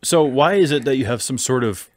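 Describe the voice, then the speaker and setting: A man's voice: medium pitch, fairly quick, dry recording. A man co-hosting a podcast in a casual chat, teasing and quizzing his co-host, recorded in a studio.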